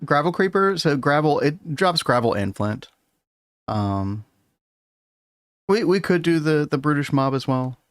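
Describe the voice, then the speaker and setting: A man's voice: fairly high pitch, lively intonation, measured pace, pauses often, clear, resonant tone, no room sound, clean studio sound. A man chatting casually with his viewers and co-player while streaming a game, laughing often. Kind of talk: casual gaming livestream chat.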